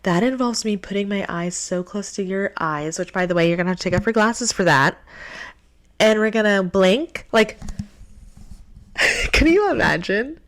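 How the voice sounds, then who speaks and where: A young woman hosting her show, telling a dating story in an animated, exasperated way with lots of filler words. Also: medium pitch, moderate pace, pauses often. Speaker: host. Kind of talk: storytime monologue.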